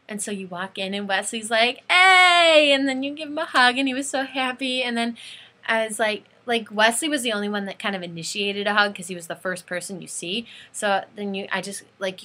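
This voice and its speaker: A teenage girl telling an excited fan story in a casual vlog, gushing and saying "like" constantly. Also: mid-range voice. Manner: gushing, breathless, says like constantly. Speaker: fan vlogger.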